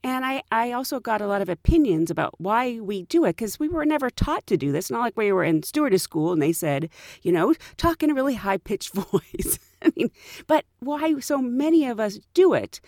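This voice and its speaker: A woman's voice: on the high side, normal speed, dry recording, clean studio sound. A woman flight attendant hosting a casual chat, telling stories with frequent laughter. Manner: lively, laughs often while telling stories. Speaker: flight attendant and podcast host.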